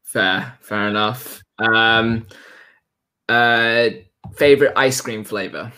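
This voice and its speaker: A man's voice: fairly low pitch, steady tone, takes it slowly, pushed and bright, clean tone. A man hosting a casual sports interview, talking with frequent ums and restarts. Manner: hesitant, lots of ums and restarts. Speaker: host.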